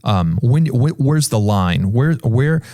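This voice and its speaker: On a casual church podcast, a pastor talks about faith, slowly telling a story and acting out its characters with sudden, big jumps in pitch. The recording is clean studio sound with no echo.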